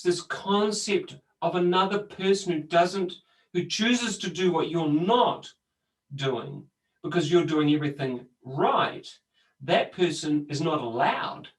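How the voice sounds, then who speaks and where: A man co-hosting a casual conversation, telling stories in an animated, rambling way with lots of restarts. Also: high-pitched, distant mic, poor audio. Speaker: co-host. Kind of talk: casual conversation about personal growth.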